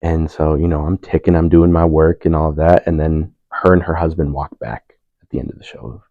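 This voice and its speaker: A man's voice: extremely low pitch, fairly even intonation, normal speed, dry recording, narrow, tinny audio. A young man on a panel telling a personal story in a laid-back, self-mocking way, laughing often. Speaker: panel speaker.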